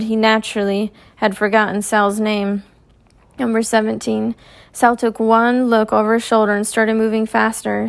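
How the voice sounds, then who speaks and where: A woman reading a first-person novel aloud in a measured, clear storytelling manner. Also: on the high side. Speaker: audiobook reader.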